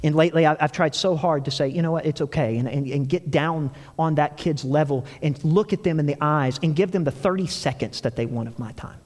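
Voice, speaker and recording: A man preaching a sermon, telling stories with animated delivery and acting out quoted lines. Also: fairly high pitch, a little fast, hardly any pauses, long reverb tail. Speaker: pastor.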